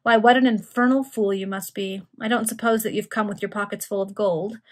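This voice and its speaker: A gruff, growling body-snatcher villain, menacing and blunt, as a woman reads him aloud for friends. The voice has a husky, breathy edge. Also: medium pitch, fairly even intonation, a little fast, lightly acted. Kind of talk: informal read-aloud among friends.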